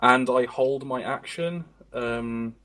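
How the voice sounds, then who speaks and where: A man's voice: medium pitch, takes it slowly, pushed and bright. A man playing a tabletop game, stating his moves in a matter-of-fact way. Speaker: player.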